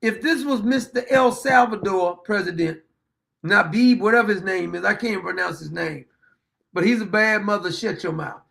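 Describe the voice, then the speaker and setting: A man's voice: sits high, normal speed, creaky, fairly bright tone. A man hosting his own political commentary show, ranting bluntly and. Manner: blunt, profane, fired-up ranting.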